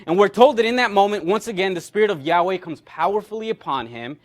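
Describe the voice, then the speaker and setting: A man with a high-pitched voice preaches a sermon. He retells a scripture story with energy and acts out the characters' lines as he goes. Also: fast. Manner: animated, acts out quoted characters. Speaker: pastor.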